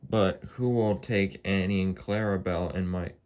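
A man's voice: low voice, fairly even intonation, darkish tone. A man voicing a sick male toy tank engine who groans and coughs through a cold. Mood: ill. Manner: slow, groaning delivery.

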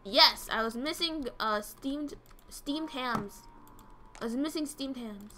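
A woman's voice: sits high, slow pace, a little hiss or hum. A woman streaming a game, chatting casually, reading orders aloud and swearing when things go wrong. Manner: excitable, swears, reads game dialogue aloud. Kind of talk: casual gameplay commentary.

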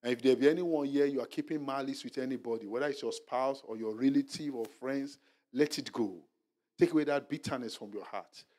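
Animated preaching pastor, a man. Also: medium pitch, a little fast. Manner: animated preaching, drops to a hushed murmur when acting out apologies; repetitive, exhorting. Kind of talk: Bible study sermon. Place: church hall.

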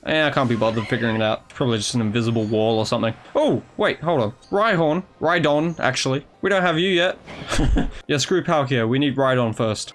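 A young man giving let's play commentary, excitable and sarcastic, who swears and reads the game's dialogue aloud. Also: medium pitch, a little fast. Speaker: gaming YouTuber.

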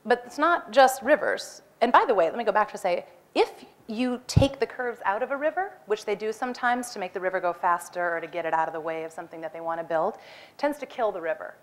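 Woman, forties, stage talk, lively storytelling, acts out her own lines. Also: medium pitch, fairly quick. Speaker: speaker. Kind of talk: animated personal storytelling talk.

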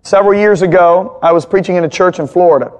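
A man's voice: sits high, fast talker, darkish tone. A male pastor teaching a Bible lesson in sermon style, telling stories with emphatic repetition.

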